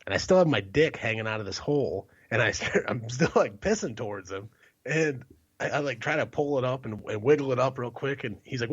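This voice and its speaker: A man's voice: medium pitch, lively intonation, fast, husky. A man co-hosting a podcast, telling a rambling, profane story and laughing mid-sentence. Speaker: podcast co-host. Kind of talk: casual storytelling chat. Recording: lo-fi muffled sound.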